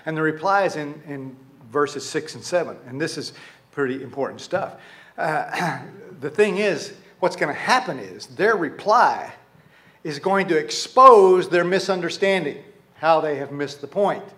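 High-voiced male pastor preaching. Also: animated, measured pace, sharp tone. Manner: conversational, with frequent restarts and self-corrections. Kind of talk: sermon.

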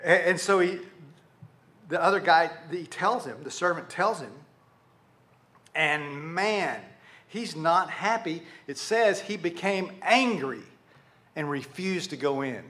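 A man preaching a sermon to a congregation, animated, asking rhetorical questions and speaking to them directly. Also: on the high side, takes it slowly. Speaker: pastor.

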